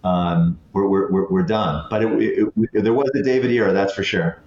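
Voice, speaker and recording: A man's voice: deep voice, steady tone, moderate pace, darkish tone, roomy sound, muffled recording. A man in his late fifties, a guest telling stories in a chatty, self-deprecating way with many restarts. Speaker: guest, former head boy. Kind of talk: casual conversation.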